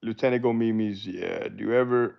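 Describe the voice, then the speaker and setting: A man's voice: lowish voice, a little fast, gravelly, clean tone. A middle-aged man and former prison officer, chatting casually on a livestream and answering viewer questions in a blunt, profane, laid-back way. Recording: dull lo-fi livestream audio.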